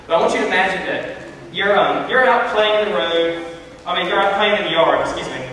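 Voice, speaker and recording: A youth speaker tells a Bible story to children, chatting and asking them questions as he goes, his voice brisk, sharp and a bit high. He is far from the mic, and a long, roomy echo fills the church hall over a faint hiss.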